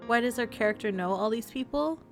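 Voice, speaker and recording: Woman streamer, playful and giggly, a bit high-pitched, quiet music under her. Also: fairly quick. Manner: giggly and playful, laughs often. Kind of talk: casual stream commentary while reading a visual novel. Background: faint music.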